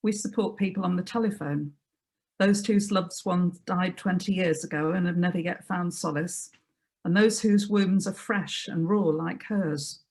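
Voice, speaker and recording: A woman reading her own prose piece aloud, in a measured, quiet and reflective way, over a video call. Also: fairly low pitch.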